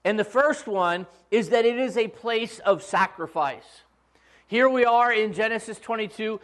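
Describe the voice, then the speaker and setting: Man, pastor, high voice, casual joking sermon, church. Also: measured pace, fairly bright tone. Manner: conversational, humorous storytelling.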